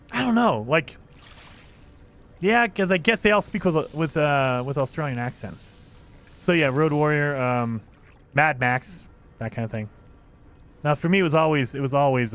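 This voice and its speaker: A man's voice: fairly high pitch, a bit bright. A man chatting casually on a live stream, reading chat aloud, laughing often and restarting his sentences.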